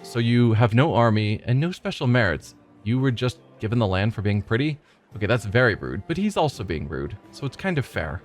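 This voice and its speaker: A man's voice: lowish voice, very animated, fairly quick, soft background music. A man hosting a let's play, reading the game's dialogue aloud and adding dry asides of his own. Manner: reads lines aloud, slips and restarts, dry asides.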